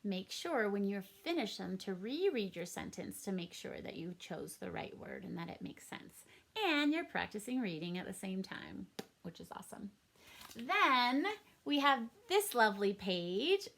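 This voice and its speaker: A woman's voice: mid-range voice, big pitch swings, a little slow, gravelly, fairly bright tone. A woman teaching a first grade reading lesson for a home recording, upbeat and encouraging in a sing-song teacher manner.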